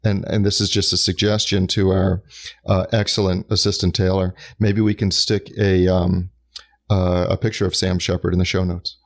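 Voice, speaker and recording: A man's voice: sits low, flat delivery, normal speed. A man co-hosting a podcast, talking in a reflective, joking, rambling way. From North Carolina, US. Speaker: podcast co-host. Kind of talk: casual chat.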